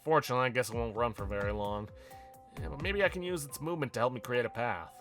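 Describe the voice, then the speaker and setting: A man's voice: mid-range voice, fast, music in the background, close to an everyday voice. A man voicing a wry male ghost hero in a game, musing to himself.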